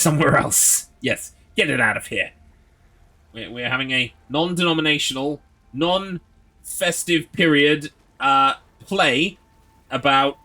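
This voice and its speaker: A man's voice: a little high, pushed and bright. Man putting on a huffy Southern drawl. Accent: put-on US Southern. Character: indignant folksy Southern man scolding holiday talk.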